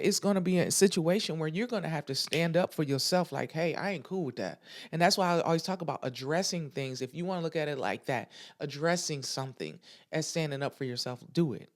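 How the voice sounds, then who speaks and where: A woman's voice: deep voice, a little mellow. Blunt, emphatic woman podcaster. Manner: emphatic, repeats phrases for stress; talks straight to listeners, frank and blunt. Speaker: podcast host. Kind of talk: casual motivational podcast monologue.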